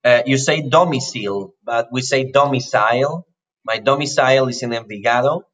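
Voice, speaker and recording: A man's voice: mid-range voice, steady tone, a bit bright, poor audio. A man leaving a recorded feedback message for a student, patiently correcting pronunciation and grammar. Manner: patient, corrective, slow and careful. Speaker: language teacher giving feedback.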